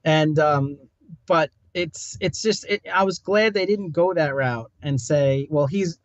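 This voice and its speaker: A man's voice: on the high side, takes it slowly, dry recording. Man in casual talk, slightly muffled sound. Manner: conversational, hesitant restarts, laughs easily. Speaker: film review co-host. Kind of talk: casual film discussion.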